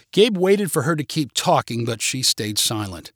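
A man reading a humorous short story aloud with expressive, lively delivery. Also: medium pitch, moderate pace, dry recording, clean studio sound.

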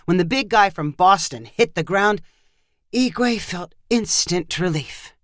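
Story narrator, steady and measured, mid pitch, dry close sound. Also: dry recording.

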